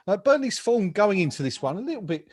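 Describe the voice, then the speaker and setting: A man's voice: high-pitched, big pitch swings, quick pace, no echo. Man, football podcast host, rambling, dry close mic. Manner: rambling with many fillers and jokes. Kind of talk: casual football chat. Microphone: home mic, remote call.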